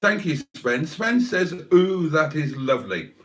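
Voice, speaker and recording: A man hosts a casual livestream, answering his chat with wry, mock-theatrical teasing. His fairly high voice swings widely in pitch. He sits a little back from the microphone, so the sound is slightly distant. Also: sing-song, a little slow. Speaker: livestream host reading chat.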